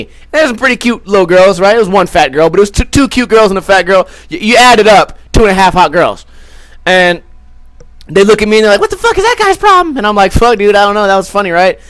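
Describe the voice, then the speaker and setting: A young man with a high voice tells a rambling, foul-mouthed story as a podcast host. He keeps slipping into quick put-on voices for the people in it. The sound is dry and close, with no room echo. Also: a bit bright. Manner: crude, rambling, swears a lot, acts out quoted voices. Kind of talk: casual storytelling.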